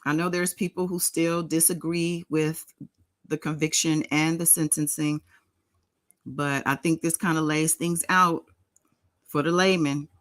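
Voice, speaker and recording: A woman's voice: sits low, steady tone, unhurried, low-quality recording. A woman hosting a casual live stream in a sing-songy voice, greeting her chat members by name. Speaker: livestream host.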